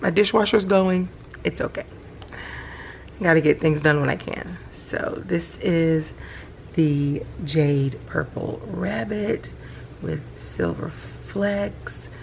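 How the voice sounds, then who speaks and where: Low, gravelly woman gushing. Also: slow, slight background noise. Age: middle-aged. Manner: chatty, gushes with excitement. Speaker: planner vlogger. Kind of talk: casual show-and-tell vlog. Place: home at night, indoors.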